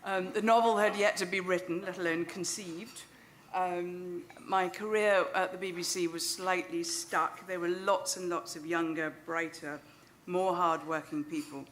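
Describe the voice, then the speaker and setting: A woman's voice: lowish voice, fairly even intonation, measured pace, slight background noise. A middle-aged woman with a British English accent, telling a self-deprecating anecdote live on stage into a microphone. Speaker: novelist. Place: stage of a small club venue.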